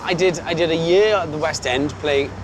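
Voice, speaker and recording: A Welsh man in his thirties, an actor guest telling stories in a casual interview, self-deprecating and quick to laugh. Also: a little high. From Wales. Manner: animated storyteller, self-deprecating, laughs often. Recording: noisy background.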